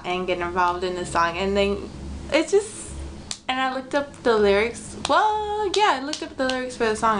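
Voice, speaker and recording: Slow-talking young woman gushing as a fan. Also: on the high side, background noise. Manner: chatty, rambling, giggly, gushing fan. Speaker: music video reactor. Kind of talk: casual reaction vlog.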